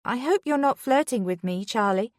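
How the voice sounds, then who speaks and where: A woman voicing a tall young female office worker with a high-pitched, whiny voice and an eager, teasing manner. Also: very animated, a little slow, no room sound, clean studio sound.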